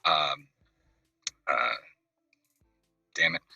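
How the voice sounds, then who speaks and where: A man's voice: extremely low pitch, very slow, creaky, bright, forceful tone, husky, dry recording, highs cut off, faint music behind. A man calling in to a video chat show, telling a rambling story and acting out the voices of the people in it. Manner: rambling anecdotes, acts out the voices of the people in them. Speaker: caller. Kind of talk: casual storytelling. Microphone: video call. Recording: distant mic on a video call.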